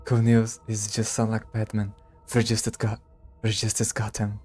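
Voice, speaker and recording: A male streamer chatting casually with his viewers while he plays, talking low, quiet and gravelly, and laughing often. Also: monotone, soft background music. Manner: speaks low and quiet, gravelly, like a movie vigilante; slow, laughs often, talks to chat. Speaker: streamer playing a game. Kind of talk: casual live-stream chat.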